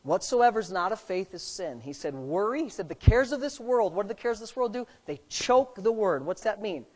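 Animated preacher with lively swinging pitch. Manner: asks the congregation repeated rhetorical questions; swings from quiet asides to loud, drawn-out emphasis. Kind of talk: sermon.

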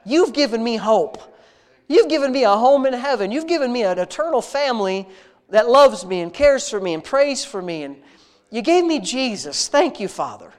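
Leading a congregation in spontaneous prayer, a man speaks with heartfelt intimacy, conversationally repeating words of praise. His voice is very high-pitched with big pitch swings, at normal speed.

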